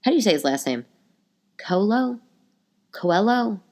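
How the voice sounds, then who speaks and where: Her voice sits in the mid range, very animated yet unhurried and somewhat mellow. She's a middle-aged podcast host, a touch nasal from a cold, chatting on her own and wandering through stories with plenty of asides.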